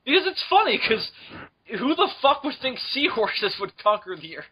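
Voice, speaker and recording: Lively, crude young male podcast co-host. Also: extremely high pitch, moderate pace, breathy edge, poor audio. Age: young adult. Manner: crude, jokey, teasing, laughs often. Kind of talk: casual comedy chat.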